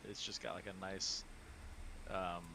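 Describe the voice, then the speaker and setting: A man co-hosting a casual chat show, animated and playful, swearing freely. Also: low voice, unhurried, a little hiss or hum. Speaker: podcast co-host.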